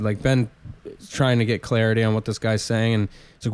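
A man's voice: lowish voice, moderate pace, smooth. A man who is a touring stand-up comedian, telling casual rambling road stories with lots of restarts. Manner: rambling, self-interrupting, animated anecdotes. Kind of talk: casual storytelling chat.

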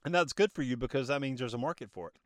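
A podcast host delivers a motivational monologue recorded on his phone in his car, preachy and emphatic, posing rhetorical questions to himself, his throat slightly choked up. His mid-range voice moves at a quick pace, and the sound is studio quality with no echo.

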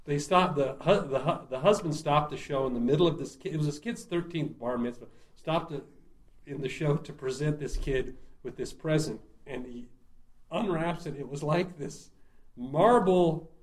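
A man's voice: a little high, moderate pace. A man who writes and performs murder-mystery shows, telling stories casually in an interview; he laughs often and restarts his sentences.

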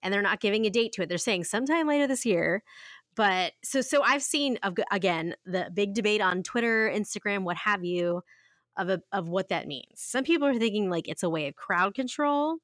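A woman's voice: mid-range voice, animated, a little fast, a bit bright, no room sound, studio quality. A woman co-hosting a podcast, talking casually and chattily, often laughing and restarting her sentences. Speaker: podcast co-host. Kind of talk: casual chat.

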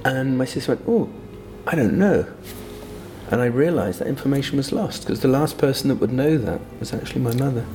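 A man hosting a conversation, musing aloud and asking thoughtful questions. His voice sits at an ordinary middle pitch. Faint music plays beneath him. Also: expressive, fairly quick, a little mellow. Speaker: interviewer host. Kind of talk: conversational interview.

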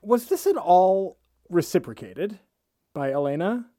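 A man's voice: high voice, expressive, measured pace, mellow, dry recording, clean studio sound. A male podcast co-host reacting with sarcastic wisecracks in casual chat.

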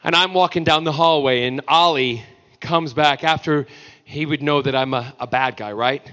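A man's voice: fairly high pitch, normal speed, sharp tone. A man, an actor guest on a fan panel, telling playful stories and acting out the quotes in voices. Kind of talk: convention panel storytelling.

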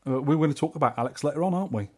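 A man with a London accent, co-hosting a podcast and telling a trip story in casual chat, animated and acting out the people he met. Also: on the high side, racing. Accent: English, London. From England. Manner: animated, acts out quoted voices. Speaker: podcast co-host.

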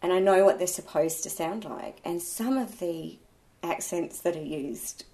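A woman, an audiobook reviewer and blogger, chatting in an opinionated, animated way during an interview. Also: lowish voice, unhurried. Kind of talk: casual interview chat.

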